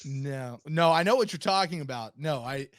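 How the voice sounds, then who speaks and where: Lively, high-pitched male podcast host. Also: normal speed, no room sound, studio quality. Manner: animated storyteller, acts out voices in anecdotes. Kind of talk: casual chat.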